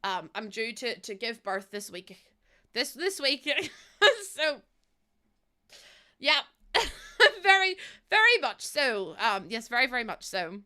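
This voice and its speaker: A woman's voice: fairly high pitch, very animated, slow, long pauses, sharp tone. A young woman, chatting casually and rambling with lots of fillers and giggles while she livestreams a building game. She is heavily pregnant.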